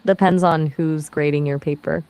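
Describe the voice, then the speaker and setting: A woman's voice: sits low, fairly even intonation, moderate pace, darkish tone. A synthetic woman's voice answering questions as a conversation partner, in a breezy, chatty explaining manner.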